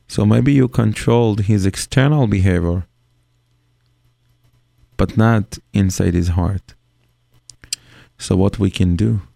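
Gravelly rabbi teaching in slow earnest English. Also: male voice, fairly low pitch, warm tone, no echo, studio quality. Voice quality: non-native English grammar. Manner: earnest, acts out parent and child in dialogue. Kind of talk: Torah lecture on parenting.

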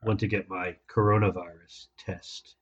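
A man's voice: deep voice, a little slow. Guy on a podcast telling a funny story, acts out the other voices, roomy echo, kinda muffled sound. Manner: animated storyteller, mimics voices in anecdotes. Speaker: podcast co-host. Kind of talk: casual storytelling chat. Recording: echoey room, slightly dull sound, faint noise.

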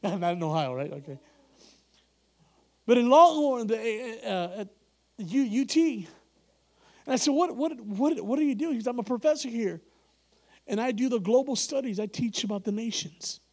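A man's voice: very high voice, moderate pace, long pauses. A man preaching a sermon, telling a story with acted-out dialogue and frequent laughter. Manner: animated, acts out dialogue, laughs often.

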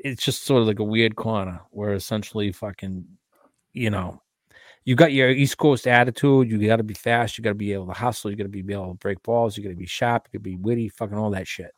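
Low-voiced guest, swearing, full of fillers. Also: male voice, steady tone, a little fast, no room sound, studio quality. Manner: emphatic, profane, filler-heavy talk. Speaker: podcast guest. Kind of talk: casual chat.

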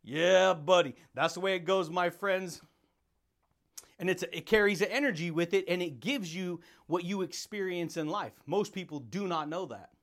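A fired-up man with a high voice delivers a motivational podcast monologue. He laughs often between points and keeps calling his listeners buddy, dude and baby. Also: unhurried, a bit bright.

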